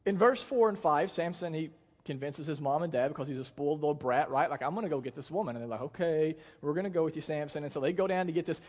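A young man preaching a sermon in a church, telling the story in a casual, joking way and acting out the quotes. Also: fairly high pitch. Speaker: pastor. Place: church hall. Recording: long hall reverb.

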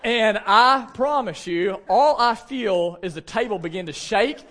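A fairly high-voiced man, preaching from the pulpit. He tells stories in a lively, self-deprecating way, full of casual fillers and asides to his congregation. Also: unhurried. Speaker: pastor. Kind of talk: storytelling sermon.

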